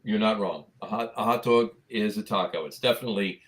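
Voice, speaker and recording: A man's voice: on the low side, brisk. A man hosting a casual craft beer talk show, upbeat and jokey as he banters with his co-host. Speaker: podcast host. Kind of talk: casual chat.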